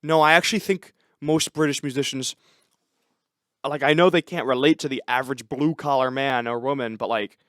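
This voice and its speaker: A man's voice: medium pitch, fairly even intonation, moderate pace, fairly bright tone, no echo, studio quality. A man co-hosting a podcast in casual chat, sarcastic and mocking characters by putting on voices. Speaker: podcast co-host.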